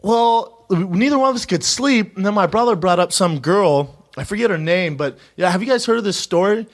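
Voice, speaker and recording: A man's voice: high voice, animated, brisk. A man in his thirties telling boastful stories in a casual chat as co-host. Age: 30s. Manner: boastful storytelling, mimics others. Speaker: podcast co-host.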